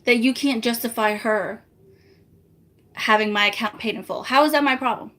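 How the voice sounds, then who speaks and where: A woman's voice: on the high side, moderate pace, sharp tone. A woman vlogger chatting casually to live viewers, animatedly retelling a frustrating phone dispute and acting out both sides of the calls. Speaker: family vlogger.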